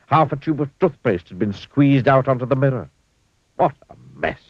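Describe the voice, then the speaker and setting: A man reading a children's storybook aloud in an expressive, playful way. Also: medium pitch, moderate pace, dry recording, dull audio. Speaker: storybook reader.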